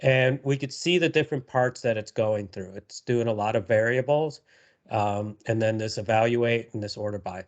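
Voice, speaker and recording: A man presenting a live software tutorial, talking casually with many fillers and repeated words. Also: mid-range voice, moderate pace, highs cut off.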